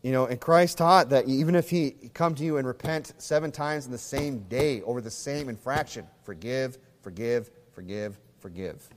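A pastor delivering a conversational sermon, acting out little scenes in other voices. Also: male voice, medium pitch, fairly quick, hardly any pauses, long reverb tail.

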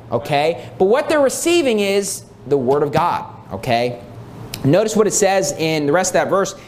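A man's voice: on the high side, a little mellow, a little hiss or hum. Emphatic male preacher reading scripture. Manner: emphatic, repeats key phrases, reads scripture aloud. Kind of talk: sermon.

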